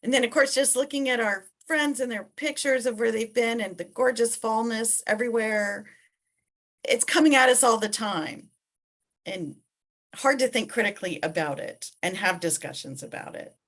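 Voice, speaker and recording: A woman hosts a casual panel talk in a slightly high voice. She speaks in a loose, chatty way. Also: normal speed, a bit bright. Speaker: host.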